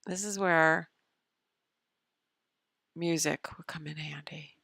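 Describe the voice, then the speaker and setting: A woman's voice: deep voice, fairly even intonation, slow pace, creaky, a bit bright, no echo, clean studio sound. A woman hosting an astrology live stream, chatting casually and muttering half-whispered asides to herself while she fixes her screen sharing. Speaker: astrology show host.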